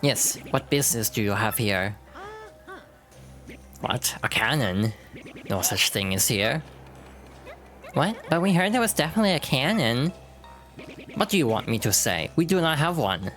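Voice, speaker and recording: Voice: mid-range voice, big pitch swings, measured pace, pauses often, fairly bright tone. A round little bomb villager from a video game speaks in clipped, broken phrases with a thick put-on accent, voiced by a streamer. The game dialogue is read aloud over faint background music. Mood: stern. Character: Bob-omb townsfolk in a put-on foreign accent.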